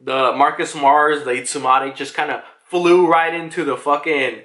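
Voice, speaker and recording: A man's voice: fairly high pitch, steady tone, normal speed, fairly bright tone. Sweary, rambling male manga reviewer. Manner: rambling, profane, heavy on fillers like "like". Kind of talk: casual commentary. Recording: echoey room.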